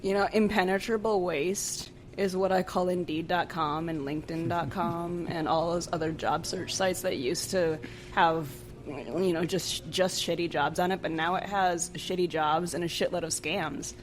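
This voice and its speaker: A woman with a mid-range voice rants sarcastically on a podcast, swearing freely and joking dark. A faint hiss sits under her voice. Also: on the low side, steady tone, moderate pace. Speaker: podcast co-host. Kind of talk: casual chat.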